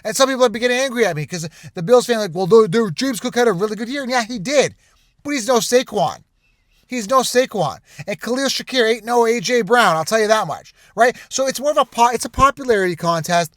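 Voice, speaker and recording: Man, high voice, dry close sound, animated sports rant, conspiratorial asides. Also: fairly quick, no echo. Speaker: sports channel host. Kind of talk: casual direct-to-camera rant.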